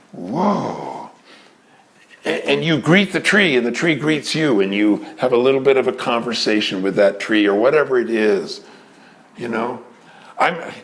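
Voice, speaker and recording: An older man in a casual storytelling talk, animated, often acting out the people in his stories. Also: mid-range voice. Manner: animated, acts out voices in quotes.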